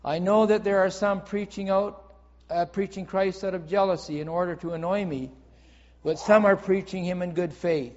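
A man's voice: high voice, steady tone, normal speed, a little mellow. A man preaching a sermon in an earnest way, reading scripture aloud and explaining it, often repeating his phrases. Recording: dull audio with long hall reverb.

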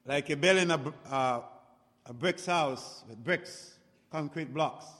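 A man delivers a sermon in a bright, high voice, drawing his words out slowly and then lifting into loud bursts. The sound rings with the long reverb of a large hall. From outside Canada. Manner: slow, deliberate preaching with rising exclamations. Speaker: preacher.

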